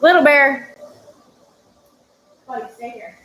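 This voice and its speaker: A woman's voice: high voice, slow pace, noisy background. A woman fitness coach giving chatty, upbeat instructions during a live-streamed workout, laughing now and then between cues.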